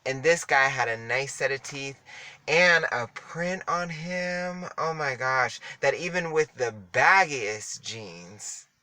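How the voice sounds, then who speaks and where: Bright-voiced man telling a candid story. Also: mid-range voice, animated, slow pace. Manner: chatty and candid, sassy asides, laughs often. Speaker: vlogger. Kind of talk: casual storytelling monologue.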